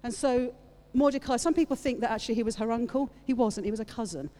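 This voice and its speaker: A woman's voice: a little high, fast talker, warm tone. A woman preaching a sermon, retelling a story with playful asides to her congregation. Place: church hall with audience. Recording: long reverb of a large hall.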